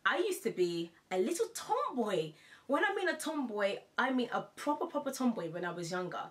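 A woman's voice: on the high side, sing-song, moderate pace. A young woman vlogging in a casual, chatty way, laughing often and repeating herself for emphasis. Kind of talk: casual to-camera chat.

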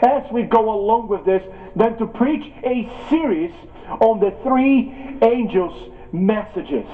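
High-voiced preacher on a tinny line. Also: male voice, slow. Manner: storytelling, repeats and restarts words. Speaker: pastor. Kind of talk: sermon. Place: church. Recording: tinny phone-like sound.

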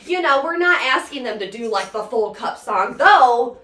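Music teacher for toddlers, bright high sing-song woman, roomy echo. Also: animated, moderate pace. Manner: bouncy sing-song counting and chanting. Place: indoor room, sitting on floor.

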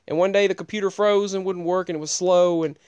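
A man's voice: sits high, fairly even intonation, fast, darkish tone, clear, resonant tone, dry recording, highs cut off. A man casually telling a personal story in a rambling, digressive way, often restarting his sentences.

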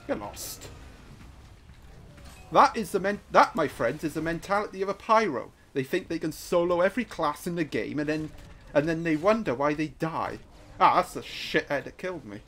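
A man giving live gameplay commentary, excitable and trash-talking, swinging from muttering to shouting. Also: a little high, normal speed, a little hiss or hum. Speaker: gaming YouTuber.

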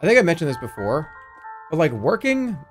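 A man streaming a game, commenting in an excitable, profane, rambling way. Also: on the high side, fairly quick, soft background music. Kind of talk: live gameplay commentary.

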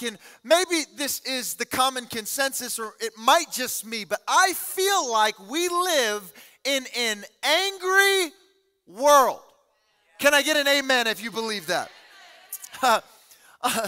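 Animated high-voiced pastor in a hall. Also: male voice, measured pace, smooth. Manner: animated, acts out quotes, laughs often. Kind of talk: sermon storytelling. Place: large church hall. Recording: echoey hall.

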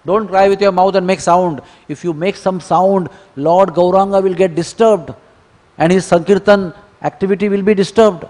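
A man's voice: high-pitched, fairly even intonation, moderate pace, a little mellow, pitched above the performer's own voice, close to an everyday voice. A man playing a stern father who sternly warns grieving women not to cry aloud, in a temple lecture. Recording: long temple hall reverb.

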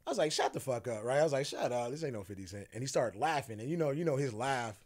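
A man with a voice of middling pitch, talking as a podcast guest. He tells his story casually, acts out each person's quoted lines and laughs often along the way. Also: expressive, fast talker, a little mellow.

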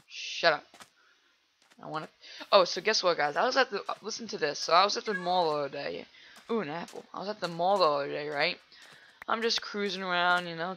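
A man giving casual let's play commentary while he plays, rambling chattily with lots of fillers and breaking into loud excited reactions to the game. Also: a little high, a little hiss or hum. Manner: rambling and chatty, full of "like" and "you know".

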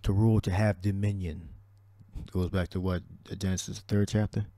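Deep dark-voiced man preaching. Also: little pitch movement, normal speed, no echo. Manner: repetitive, restarts, scripture-heavy. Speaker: religious teacher. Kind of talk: preaching commentary on a video.

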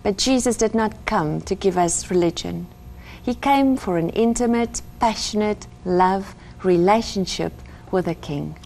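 A woman's voice: mid-range voice, a little slow, gravelly, darkish tone, slight background noise. Earnest woman sharing testimony. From South Africa. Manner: earnest, fervent storytelling. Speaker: interview guest. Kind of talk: personal testimony in conversation.

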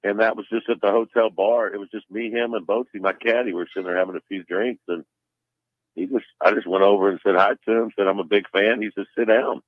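Guy calling in, real low voice, sounds like a phone line, rambles and restarts a lot. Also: steady tone, no room sound. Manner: rambling, halting storyteller. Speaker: phone-in guest. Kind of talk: casual chat.

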